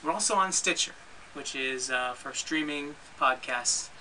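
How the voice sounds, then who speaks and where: A man hosting his podcast, casually walking through his recording and editing setup in a relaxed, rambling way with frequent restarts. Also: medium pitch, a little slow, a little hiss or hum, rough recording. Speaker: podcast host and editor. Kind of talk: casual gear walkthrough.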